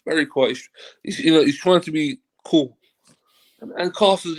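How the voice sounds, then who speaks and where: A football agent, interviewed as a guest, tells a laid-back anecdote in a fairly high voice at a moderate pace. He's an animated storyteller who voices the quoted lines himself and swears liberally.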